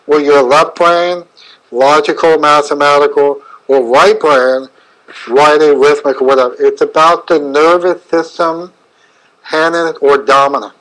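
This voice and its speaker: A middle-aged man giving an unscripted webinar lecture as a chiropractor, speaking in halting, fragmented phrases with frequent fillers. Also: a little high, fairly bright tone, rough recording.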